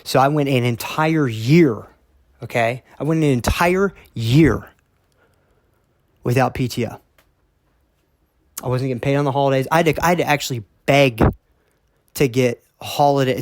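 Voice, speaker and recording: In a dry, studio-quality recording, a man with a medium-pitched voice tells his own story casually. He's blunt and emphatic, repeats words, curses occasionally, and keeps checking in with "okay?"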